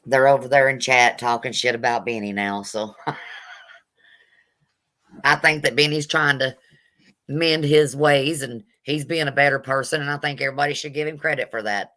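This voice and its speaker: Woman streamer reacting to a video, sassy and blunt, bright tone. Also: extremely low pitch, steady tone, normal speed. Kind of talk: casual commentary.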